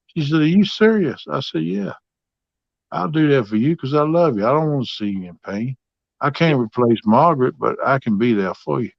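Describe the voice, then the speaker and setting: A man's voice: medium pitch, gravelly, no echo, muffled recording. A man hosting a livestream, telling family stories in a folksy, drawling way. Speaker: livestream host. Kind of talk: casual storytelling chat.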